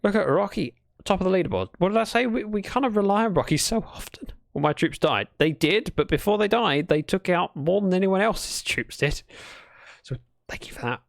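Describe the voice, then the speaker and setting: A man's voice: sits high, expressive, brisk, creaky, hardly any pauses, no echo, studio quality. A British man chatting casually to his live chat while building in a game, thinking aloud as he goes. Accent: British English. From Britain. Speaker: streamer.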